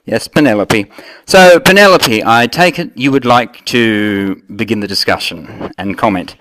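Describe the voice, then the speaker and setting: A man's voice: medium pitch, a little slow, a bit bright, no echo, poor audio. An Australian man hosting a mock talk show, rambling and trailing off between fillers. His voice sits mid-range. The recording is dry and close. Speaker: host.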